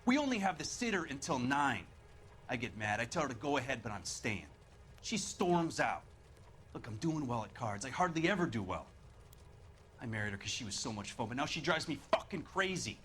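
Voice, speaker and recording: An edgy husband under questioning. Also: male voice, medium pitch, sing-song, brisk, a bit bright, a little hiss or hum. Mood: angry. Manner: nervous, then angry outbursts. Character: defensive husband questioned over missing wife. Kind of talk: video game voice acting.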